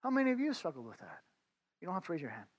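A man's voice: a little high, wildly swooping pitch, racing, lo-fi sound. A man preaching a conversational sermon, talking informally to his listeners as friends and often restarting his words.

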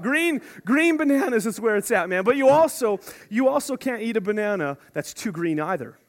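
A man preaching a sermon, animated and playful, swinging from hushed asides to excited shouts. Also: high-pitched, normal speed, hardly any pauses.

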